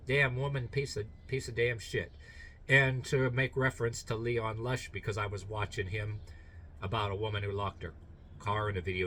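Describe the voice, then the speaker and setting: A man vents in a rambling, profane commentary vlog, circling back on himself with restarts. His voice is bright and forward, at a middling pitch. He sounds indignant throughout. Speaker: YouTuber.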